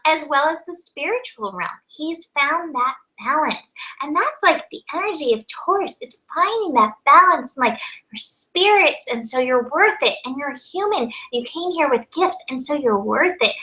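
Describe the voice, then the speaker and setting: A woman's voice: high-pitched, bright, forceful tone, rough recording. A woman co-hosting a tarot chat, upbeat and enthusiastic, often giggling. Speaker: co-host tarot reader. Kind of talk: casual spiritual chat.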